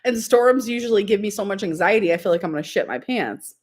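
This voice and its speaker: A young woman chats to her livestream viewers in a loose, rambling way. She giggles often and fills her talk with "like" and "um". Her voice sits at an ordinary middle pitch. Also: lively intonation, quick pace, slightly rough. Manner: chatty, rambling, giggly, lots of "like" and "um". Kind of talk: casual livestream chat.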